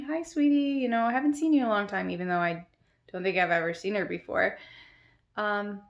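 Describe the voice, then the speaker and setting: Gravelly-voiced woman rambling through a dream. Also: mid-range voice, dull audio. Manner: rambling, many "like" fillers. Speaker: storyteller. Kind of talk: casual dream retelling.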